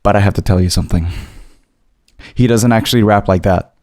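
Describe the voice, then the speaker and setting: A man's voice: on the low side, a little fast. Young man giving a mock voice tutorial. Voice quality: sarcastic, goofy. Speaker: comedy YouTuber.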